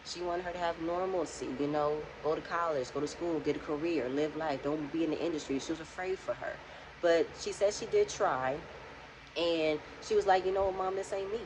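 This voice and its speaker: A woman's voice: sits low, fairly even intonation, brisk, noisy background. A young woman casually recapping a reality show for her vlog, chatty and talking straight back to the people on screen. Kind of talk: casual reaction commentary.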